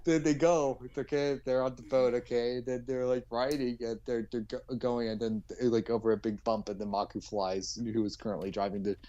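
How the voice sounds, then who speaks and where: A man's voice: medium pitch, flat delivery, moderate pace, hardly any pauses, mellow, highs cut off, a little hiss or hum. A young man in casual chat with a friend, rambling, joking and swearing as he acts out a silly cartoon story. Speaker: co-host.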